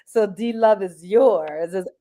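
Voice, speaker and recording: Bubbly woman on a video call, mid pitch, chatty, laughs a bunch. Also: slow pace, dark tone, slight background noise. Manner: bubbly and talkative, laughs a lot. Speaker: live stream co-host. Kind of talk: casual live-stream chat.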